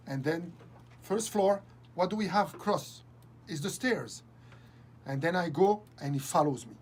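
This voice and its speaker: A man as an interview guest, telling a story with lots of laughter and halting restarts. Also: a little high, lively intonation, darkish tone, a little hiss or hum. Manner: laughs often, halting restarts, acts out quoted dialogue. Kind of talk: animated storytelling anecdote.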